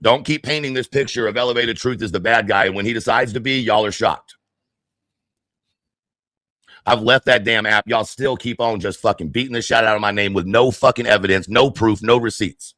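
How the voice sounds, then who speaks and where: A man's voice: fairly low pitch, normal speed, fairly bright tone, no room sound, studio quality. An angry man ranting on his livestream, heated, profane and confrontational.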